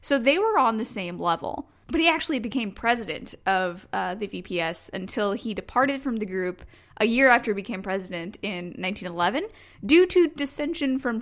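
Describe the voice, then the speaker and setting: A young woman co-hosting a casual podcast chat, animated and quick to laugh. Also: medium pitch. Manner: giggly, animated storyteller. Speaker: podcast co-host.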